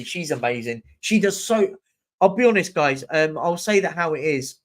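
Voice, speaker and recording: A young man hosts a casual live stream. His voice sits a little high, and he chats freely while reading out and answering viewers' comments. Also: expressive, normal speed. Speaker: livestream host.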